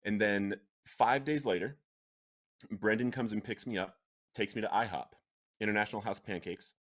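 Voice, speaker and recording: A man in his thirties, a podcast guest, earnestly telling his personal recovery story with animated, emotional delivery and laughs at the dramatic turns. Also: fairly low pitch, normal speed.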